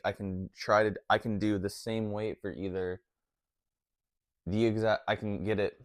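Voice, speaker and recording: Young fitness vlogger, deep voice, loose slangy delivery, dry sound. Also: male voice, unhurried, darkish tone, dry recording. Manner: laid-back, slangy, full of "like" and "honestly". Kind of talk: casual talk to camera.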